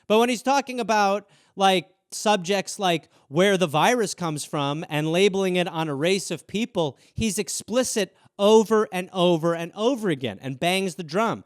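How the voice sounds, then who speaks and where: Profane high-voiced man riffing. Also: lively intonation, moderate pace, hardly any pauses, no echo, studio quality. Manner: profane, rambling, acts out inner voices. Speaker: podcast host. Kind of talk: casual solo riffing.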